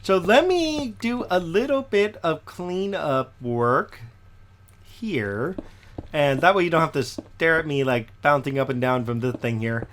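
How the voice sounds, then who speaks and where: A man, slightly hoarse and recovering from a cough, chatting casually through his gameplay in a rambling way with lots of "okay?" tag questions. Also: a little high, lively intonation, unhurried, fairly bright tone. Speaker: Minecraft let's player.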